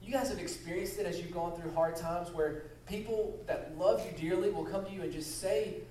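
A man with a high, dark-toned voice speaks at a normal speed as a guest preacher, leading the congregation in prayer and repeating key phrases to stress them. The sermon was captured in an echoey church sanctuary, his voice distant amid slight background noise.

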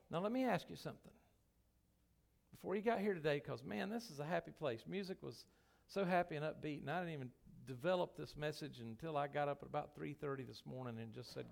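A pastor with a higher-pitched, creaky voice preaches a sermon in a church sanctuary, speaking a little fast. His delivery is folksy and emphatic, full of restarts.

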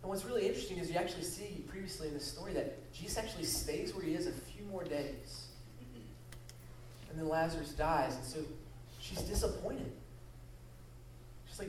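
A man's voice: a little high, normal speed, long pauses, a little hiss or hum. A man preaching as a guest speaker, leading a prayer and stressing key phrases by repeating them. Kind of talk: sermon. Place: church sanctuary. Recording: echoey hall, voice from a distance.

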